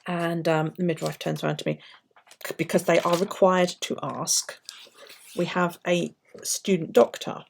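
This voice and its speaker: A woman's voice: lowish voice, flat delivery, unhurried, gravelly, a little hiss or hum. A middle-aged woman with an English accent, chatting casually and swearing freely while she works on her bullet journal and tells stories.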